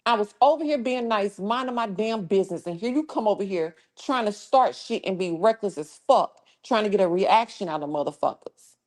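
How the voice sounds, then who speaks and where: A woman's voice: mid-range voice, expressive, brisk, few pauses, darkish tone. A woman hosting a casual livestream who talks profanely and scolds trolls in her chat in a confrontational tone. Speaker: livestream host.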